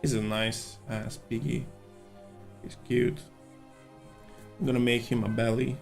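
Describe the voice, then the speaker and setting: Streamer: man, tired voice, slow rambling musings while drawing, faint music behind. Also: medium pitch, flat delivery, gravelly. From Serbia. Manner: rambling, thinking aloud with fillers. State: worn-out voice. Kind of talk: casual chat while sketching.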